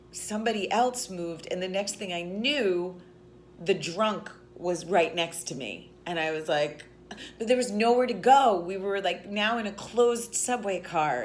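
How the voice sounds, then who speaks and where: Rambling and chatty, a woman vlogger works through a story full of restarts and "like"s. She has a lowish voice, and a slight hiss or hum runs under the recording.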